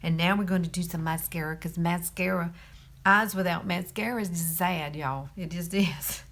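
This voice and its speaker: A woman's voice: on the low side, steady tone, moderate pace, fairly bright tone. A woman in her fifties from Alabama with a Southern accent, chatting through a makeup tutorial, laughing often and saying y'all. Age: 50s.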